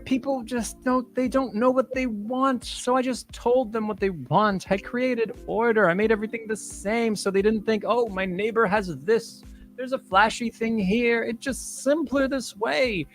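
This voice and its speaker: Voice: mid-range voice, voice pushed up, close to an everyday voice. A tabletop game master voicing a smug, drugged villain boss with a waxed mustache, talking in a pompous drawl. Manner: pompous and drawling, calls others "my dear". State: drugged and giddy.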